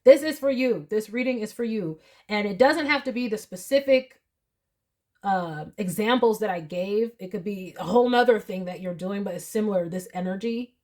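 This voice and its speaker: A woman's voice: medium pitch, moderate pace, a little mellow. A woman giving a tarot reading to camera, earnest and emotional, with many fillers. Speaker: tarot reader.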